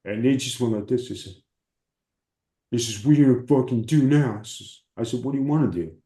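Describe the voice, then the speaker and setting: A man, a former wrestler, telling profane, animated stories as an interview guest. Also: medium pitch, a little fast, echoey room. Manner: animated, profane storytelling with acted quotes. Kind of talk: casual storytelling.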